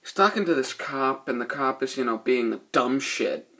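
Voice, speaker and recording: A man's voice: mid-range voice, expressive, normal speed, pushed and bright. A man giving a rambling, profane, laid-back spoken movie review. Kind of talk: casual spoken film review.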